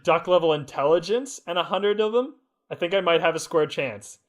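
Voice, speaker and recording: A man's voice: fairly high pitch, animated, fairly quick. A young man co-hosting a casual podcast with friends, laid-back and chuckling. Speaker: podcast co-host. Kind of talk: casual chat. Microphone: headphones on, home podcast mic.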